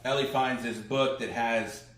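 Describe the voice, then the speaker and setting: This co-host of a relaxed podcast has a mid-range, fairly bright voice with fairly even intonation and an unhurried pace. He recaps a TV episode, quoting characters loosely, and the recording sounds roomy and echoey.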